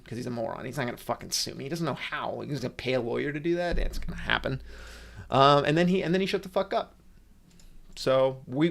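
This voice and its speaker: A man's voice: medium pitch, fairly bright tone. A man hosting a casual livestream, ranting with sarcasm and frequent swearing. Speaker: livestream host.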